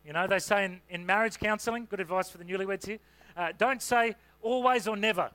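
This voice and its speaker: A man's voice: high-pitched, brisk, pushed and bright, no room sound. A man preaching a sermon in a conversational, humorous way, with asides and fillers. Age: adult parent.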